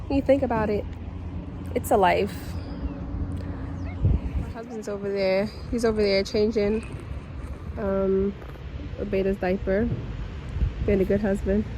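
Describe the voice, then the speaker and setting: A woman talking casually to her phone camera in a vlog, excitable and chatty, full of fillers. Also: medium pitch, unhurried, long pauses. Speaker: vlogger. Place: outdoors, then a station café and shops. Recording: outdoor noise behind the voice.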